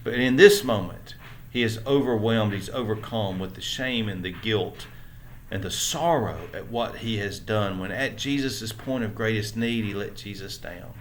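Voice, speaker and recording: A man's voice: lowish voice, moderate pace, a little hiss or hum. Earnest Southern man teaching Bible. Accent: Southern American. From American South. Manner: earnest, conversational, with many restarts; asks listeners rhetorical questions. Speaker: church teacher. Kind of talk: Bible lesson.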